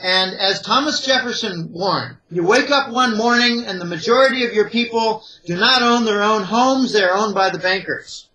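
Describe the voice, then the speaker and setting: With a high-sitting, sharp voice at normal speed and few pauses, this Pittsburgh-area man is interviewed as an economic analyst. He repeats forceful, opinionated warnings, and the recording quality is low.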